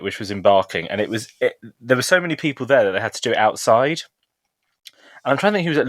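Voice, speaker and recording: A man's voice: fairly low pitch, fairly bright tone, no room sound. A man talking as a podcast guest in casual chat, enthusiastic and rambling, with many restarts, on stage in a theatre.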